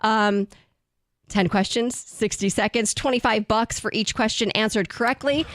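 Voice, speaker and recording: A woman's voice: on the high side, steady tone, normal speed, a bit bright. A woman co-hosting a sports radio show, chatting casually and reading quiz questions. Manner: chatty, reads news and quiz questions evenly. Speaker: radio co-host, game presenter. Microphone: studio microphone.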